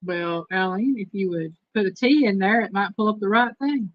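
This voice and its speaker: A woman's voice: medium pitch, moderate pace, no room sound, dull audio. A woman with a Southern Texas accent hosting a live stream, chatting casually and reading trivia questions aloud to her viewers. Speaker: host.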